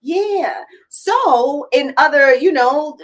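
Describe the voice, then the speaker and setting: A woman's voice: high-pitched, expressive, drawn-out words, a bit bright. A middle-aged woman hosting a podcast, speaking earnestly and personally in casual chat. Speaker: podcast host.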